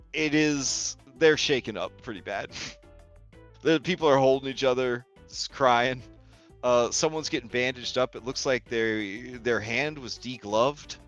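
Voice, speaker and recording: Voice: mid-range voice, a bit bright, lo-fi sound. A game master casually narrating a tabletop game, laughing often and using lots of fillers.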